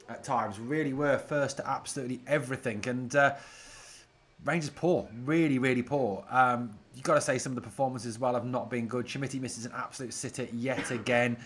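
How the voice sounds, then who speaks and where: A man hosting a fan watch-along stream, chatty and casual as he talks through the game. He reads out comments from viewers and gets excited whenever his side goes forward, his voice pitched in a plain middle range. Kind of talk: casual live match commentary.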